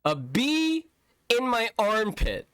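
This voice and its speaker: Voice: medium pitch, huge pitch swings, slow, fairly bright tone, smooth, no echo, clean studio sound. A streamer giving casual gameplay commentary, chatty with rambling asides and laughing at the game. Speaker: streamer playing a video game. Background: game music.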